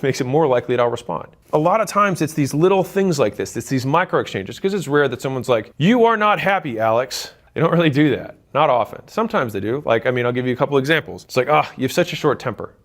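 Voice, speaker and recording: A man in his thirties giving blunt, emphatic advice straight to camera, swearing for emphasis and acting out what relatives say. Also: mid-range voice. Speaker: business creator giving advice. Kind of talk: direct-to-camera advice talk.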